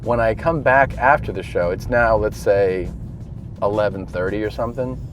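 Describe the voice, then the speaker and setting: A man's voice: on the low side, normal speed, faint music behind. A man, a touring comedian, casually telling profane, rambling stories from inside a car. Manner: laid-back, profane, rambling storyteller. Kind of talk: casual storytelling vlog.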